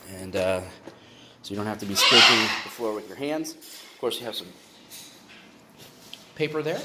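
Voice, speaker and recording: A man walking through the bird room in his house. He gives a casual vlog tour with lots of fillers and restarts, and coos at his birds in high baby talk. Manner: chatty, with many fillers and restarts. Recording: constant room noise with clicks.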